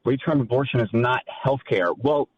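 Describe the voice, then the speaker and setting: A man's voice: mid-range voice, a little fast, highs cut off. A man calling in to a radio talk show and persistently objecting to the host. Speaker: caller. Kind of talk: call-in radio debate.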